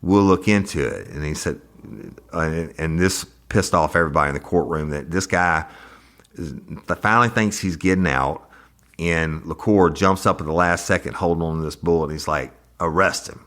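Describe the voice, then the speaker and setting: Male podcast host, low voice, recounts trial testimony and jumps up in pitch to act out each quoted speaker. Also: moderate pace. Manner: retells courtroom exchanges, acting out quotes with lively pitch jumps. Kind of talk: true crime podcast retelling.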